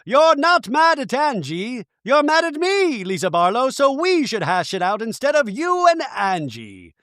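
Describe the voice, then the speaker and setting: A man's voice: extremely high pitch, big pitch swings, a little slow, a bit bright, no echo, studio quality, pitched above the performer's own voice, full character voice. A man voicing a mocking woman reality star in a sing-song, taunting way.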